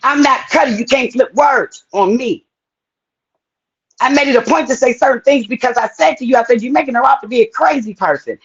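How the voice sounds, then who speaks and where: A woman's voice: sits high, a little fast, slightly rough, muffled recording. Angry, profane woman in a confrontation. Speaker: live-stream panelist. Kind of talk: heated live-stream confrontation.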